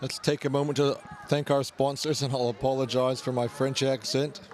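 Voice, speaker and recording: A man giving brisk live play-by-play commentary at a canoe polo match and reading out a list of sponsors. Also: mid-range voice, flat delivery, a little mellow.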